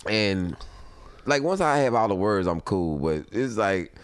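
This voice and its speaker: A man with a very low voice talks as a podcast guest. His pitch swings widely as he speaks. He hesitates, with many fillers. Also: big pitch swings, unhurried, smooth. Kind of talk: casual chat.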